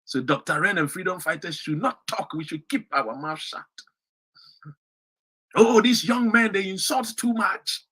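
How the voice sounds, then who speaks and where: A man from Ghana with a Ghanaian English accent, giving an impassioned political speech that swings from shouts to low, pointed emphasis. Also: expressive, normal speed, slightly rough. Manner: fiery, rising to shouts and dropping to low emphasis. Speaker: political commentator.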